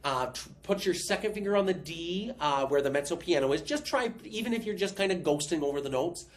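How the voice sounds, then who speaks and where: A woman's voice: fairly low pitch, animated, a little fast. A woman teaching piano over a video call, patiently counting beats aloud and scatting rhythms. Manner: patient, encouraging. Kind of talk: online music lesson.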